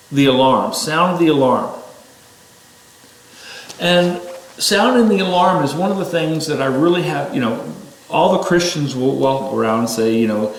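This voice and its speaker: A man giving an informal sermon-style talk, rising sharply in pitch when he exhorts his listeners. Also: roomy sound, low-quality recording.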